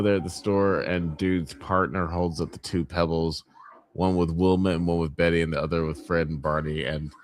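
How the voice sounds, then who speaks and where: A man hosting a podcast live watch party, chatting casually and profanely, groaning and laughing at gory scenes. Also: low-pitched. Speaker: podcast host.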